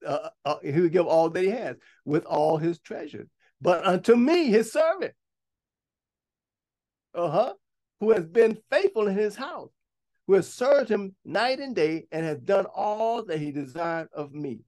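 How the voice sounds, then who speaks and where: High-voiced man preaching from scripture. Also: lively intonation, a little slow. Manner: reads aloud and breaks off to comment and exhort; bursts to high, loud emphasis at times. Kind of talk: sermon, reading scripture aloud.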